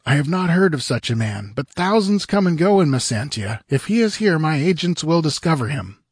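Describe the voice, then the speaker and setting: A man reading an audiobook, voicing a nervous, wealthy middle-aged male merchant in a raised, strained, pleading voice, husky and dry. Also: very animated, moderate pace, dry recording, full character voice. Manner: fearful, pleading, higher strained voice. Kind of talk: audiobook character voice.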